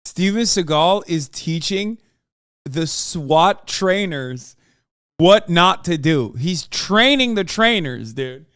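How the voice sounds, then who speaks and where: Crisp, dry-sounding man mocking on stream. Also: fairly high pitch, lively intonation, slow, a bit bright, no echo. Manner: profane, incredulous, mocking. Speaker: streamer reacting to a TV show. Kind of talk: casual live-stream commentary.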